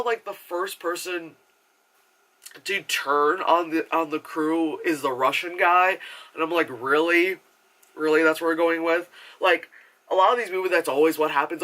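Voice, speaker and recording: A man with a bright, forceful voice on the high side rants casually about a movie he's reviewing. He rambles, swears freely and stuffs his talk with filler words, acting out characters' lines in exaggerated voices.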